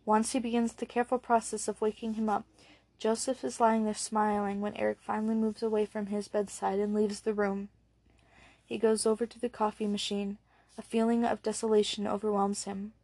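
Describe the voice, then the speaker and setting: A woman narrating an audiobook in a measured, low-key reading voice. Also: warm tone, no echo.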